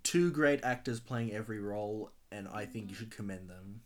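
A podcast co-host in casual chat, making dry, deadpan quips. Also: medium pitch, normal speed.

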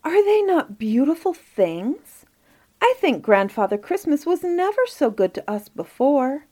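A woman voicing an eager, kind little boy in a storybook reading, with high, excited exclamations. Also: unhurried.

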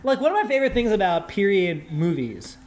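A man guest on a podcast, talking in a casual, animated way, full of quick asides and "like" fillers. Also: high-pitched, a little hiss or hum. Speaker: guest, culture writer.

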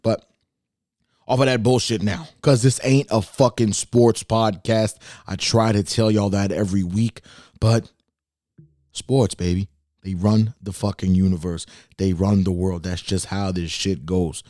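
Low-voiced man hosting a podcast rant. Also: unhurried, dry recording, studio quality. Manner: energetic, swears a lot, jumps between hype and mock sadness. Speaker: podcast host. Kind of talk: casual solo podcast rant. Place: his bedroom.

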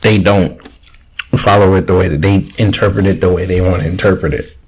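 A man's voice: low voice, steady tone, a little fast, noisy background. A man hosting a casual debate, arguing his point with frequent restarts. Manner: argumentative, restarts often.

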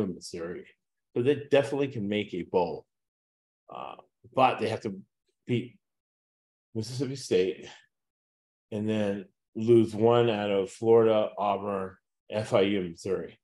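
A man hosting a sports betting podcast, talking casually and loosely, with lots of "uh" fillers and quick laughs. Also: on the low side, dark tone. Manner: rambling, frequent "uh" fillers, laughs at own jokes. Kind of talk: casual chat with picks.

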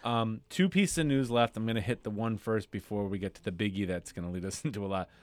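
A man's voice: lowish voice, quick pace, darkish tone, no room sound. A man co-hosting a podcast, bringing the news in blunt, profane, opinionated casual chat. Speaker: podcast co-host.

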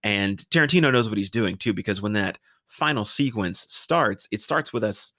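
A man's voice: fairly low pitch, lively intonation, moderate pace, sharp tone, no echo, studio quality. A man co-hosting a podcast, talking casually about a film with hesitant restarts. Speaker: podcast co-host.

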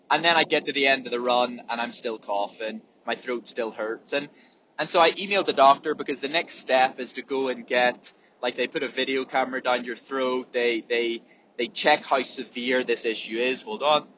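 Bright-voiced man, candid and sweary. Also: mid-range voice, muffled recording, slight background noise. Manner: candid, swears freely, demonstrates breathing sounds. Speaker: runner. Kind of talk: casual monologue.

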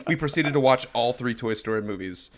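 Young male co-host, lively pitch, rambling casual chat that breaks into laughs. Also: brisk. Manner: rambling, laughs often mid-sentence. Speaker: podcast co-host.

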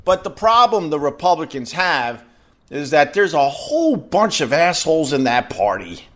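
A man's voice: on the high side, big pitch swings, moderate pace, a bit bright. A middle-aged man hosting a podcast live stream, talking in a blunt, rambling and profane way. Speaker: podcast host. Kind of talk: casual live-stream talk.

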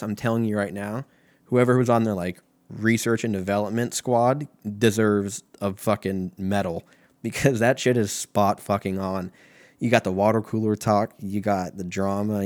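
A man's voice: lowish voice, a little mellow. A young man hosting a casual solo podcast, rambling and swearing, often laughing at his own jokes. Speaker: podcast host.

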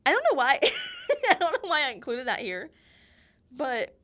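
Her voice is high-pitched and a bit bright, with huge pitch swings, and her pace runs a little slow. A young woman hosting her own podcast, she tells childhood stories casually and solo, chatty and giggly, and acts out quoted voices.

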